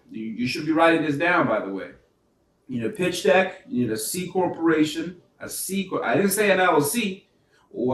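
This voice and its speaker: A man giving a casual, animated business funding lesson, firing rhetorical questions and restarting his sentences often. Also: medium pitch. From New York. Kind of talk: casual teaching monologue. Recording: echoey room, mic at a distance.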